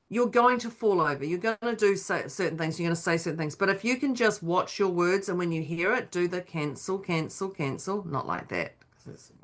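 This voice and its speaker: A woman co-hosting a motivational podcast, talking in a chatty, animated way and acting out the voices she quotes. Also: on the low side. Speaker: podcast co-host. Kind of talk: casual motivational chat.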